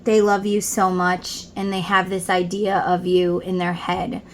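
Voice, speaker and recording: A woman's voice: lowish voice, little pitch movement, unhurried, slight background noise. A woman giving a casual tarot reading at home, chatting and reading song lyrics aloud between her explanations. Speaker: tarot reader.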